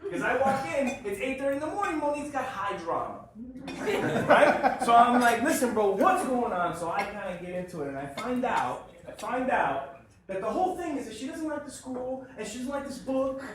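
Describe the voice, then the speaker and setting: Brief: animated, high-voiced man working a crowd, swears freely, recorded far off in an echoey meeting room with the crowd audible. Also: a little fast. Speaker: speaker at a business networking meeting. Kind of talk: humorous motivational storytelling to a group. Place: meeting room with a live audience.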